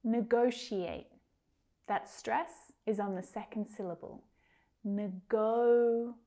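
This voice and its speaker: Slow, mellow-voiced woman teaching pronunciation. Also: mid-range voice. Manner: carefully over-articulated, drilling single words. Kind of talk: slow, deliberate pronunciation lesson.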